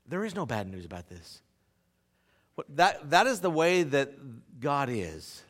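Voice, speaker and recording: A man preaching a sermon to a congregation in a church, swinging between loud emphatic lines and quiet asides. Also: mid-range voice, unhurried. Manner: animated preaching with sudden loud and soft swings. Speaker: pastor.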